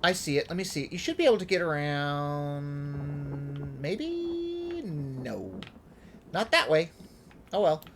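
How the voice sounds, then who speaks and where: A man's voice: fairly high pitch, slow, slight background noise. A man casually commenting as he plays a game on stream, thinking aloud about his setup. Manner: relaxed, chatty, thinking aloud while playing. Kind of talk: casual let's-play commentary.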